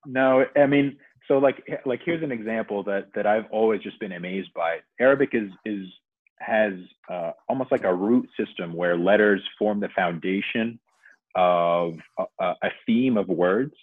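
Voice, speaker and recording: A man's voice: lowish voice, moderate pace, dry recording. A man as a podcast guest, explaining things thoughtfully at length in casual conversation. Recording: dry, phone-like remote audio.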